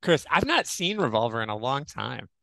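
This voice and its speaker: Male podcast guest, bright forward tone, dry close sound, lively and joking. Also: mid-range voice, moderate pace, vocal fry, dry recording. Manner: animated, jokey, acts out quotes. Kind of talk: casual film discussion chat.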